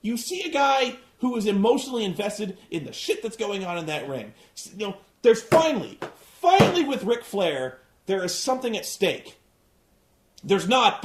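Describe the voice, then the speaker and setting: Guy ranting about a wrestling show, swears a ton, kinda high voice, roomy echo. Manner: rambling, swears a lot, restarts often. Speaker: host reviewing a wrestling show. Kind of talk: casual profane recap.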